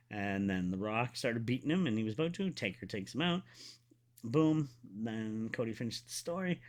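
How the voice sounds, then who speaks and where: A man hosting his own show, chatting casually and excitedly through a wrestling event recap, rambling and going back to correct himself. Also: on the low side. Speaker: wrestling podcast host. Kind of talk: casual solo review chat.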